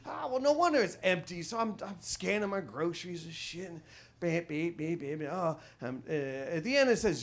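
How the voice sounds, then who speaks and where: A man performing a crude stand-up comedy set on a club stage, telling ornery stories with sudden loud outbursts. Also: sits high, sing-song, normal speed.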